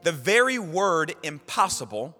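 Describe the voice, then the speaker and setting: A man preaching a sermon as pastor, swinging between hushed low lines and loud shouted bursts. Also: very animated, measured pace. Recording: hall reverb, faint music behind.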